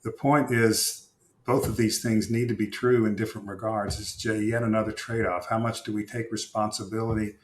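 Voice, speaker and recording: A man's voice: fairly low pitch, little pitch movement, a little hiss or hum. Thoughtful male guest in a roomy space. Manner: thoughtful, measured, halting with uhs. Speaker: author and podcast guest. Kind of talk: conversational interview answers.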